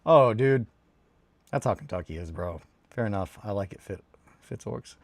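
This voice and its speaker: A man's voice: fairly low pitch, moderate pace. A young man from England with a southern English accent, chatting casually on a hobby live stream as a rambling, swearing storyteller. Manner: rambling, profane, animated storyteller.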